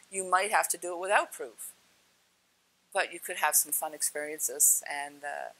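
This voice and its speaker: A woman telling spiritual experience stories in an animated, casual way, laughing often and acting out what people said. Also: low voice, creaky, low-quality recording. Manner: laughs often, acts out quoted lines with big swings. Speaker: speaker sharing spiritual experiences. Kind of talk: animated storytelling.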